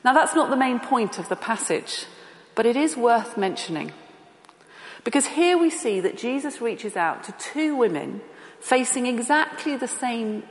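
Woman preacher, slow deliberate delivery, echoey hall with long reverb. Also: on the high side. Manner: deliberate, emphatic preaching with rhetorical questions. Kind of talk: sermon.

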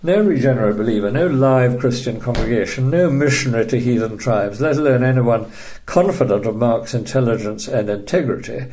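A man teaching a recorded Bible study lecture, measured and emphatic, dryly dismissive of opposing views. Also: medium pitch, expressive, mellow, a little hiss or hum.

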